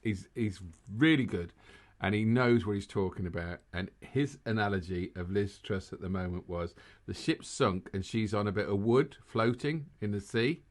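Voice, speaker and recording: A man's voice: lowish voice, moderate pace. A man co-hosting a casual podcast, rambling and laughing at his own jokes as he chats with a friend. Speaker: podcast co-host. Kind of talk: casual chat.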